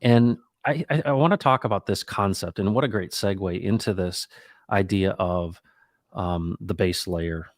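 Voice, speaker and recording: A middle-aged man hosting a casual talk, reflective and animated, acting out the people in his stories. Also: low voice, moderate pace, no echo, clean studio sound. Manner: animated, acts out quoted dialogue; reflective, faith-minded musing. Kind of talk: casual conversational storytelling.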